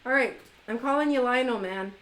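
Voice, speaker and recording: A woman hosts a live stream in a loose, chatty manner. She teases her viewers playfully, and her voice sits a little high. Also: fairly quick, fairly bright tone, rough recording. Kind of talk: casual live stream chat.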